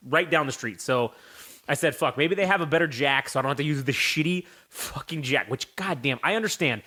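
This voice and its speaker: Young dude podcast host, kinda high voice, swears a ton, rambly story mode. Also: male voice. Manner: profane, animated storytelling. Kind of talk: casual podcast chat.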